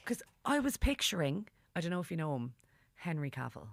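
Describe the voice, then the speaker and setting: A woman's voice: low voice, big pitch swings, gravelly, no echo, studio quality. A woman with a Dublin accent chatting as a podcast guest, giggly and full of stories. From Ireland. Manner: giggly, storytelling, quick asides. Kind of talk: casual chat.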